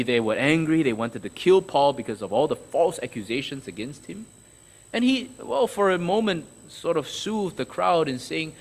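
A male preacher delivers an emphatic sermon in a gravelly, husky voice. His pitch sits a touch high and swings widely as he stresses his points, and he often poses a question before answering it. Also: low-quality recording. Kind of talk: expository sermon.

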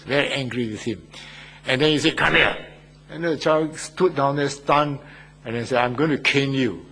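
A man's voice: medium pitch, breathy edge. A man preaching a sermon, emphatic, often putting rhetorical questions to his listeners.

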